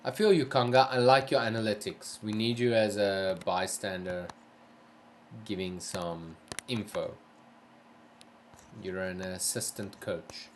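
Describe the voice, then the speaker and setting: A man hosts a live game stream, reading chat aloud and asking viewers many polite, careful questions in an easygoing way while sounding tired and yawning. His voice is on the low side, steady in tone, at a measured pace, with slight background noise.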